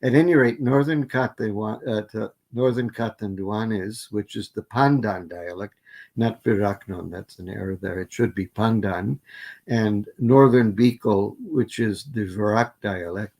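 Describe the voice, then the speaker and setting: A man's voice: lowish voice, unhurried, a little mellow. An older man giving an academic plenary lecture, methodically listing word forms with frequent fillers and restarts. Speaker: linguistics lecturer.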